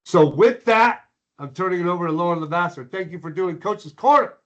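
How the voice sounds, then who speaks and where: A man's voice: high voice, a little fast, dull audio. A man hosting a sales coaching session for lenders, introducing a guest coach in an encouraging, conversational way.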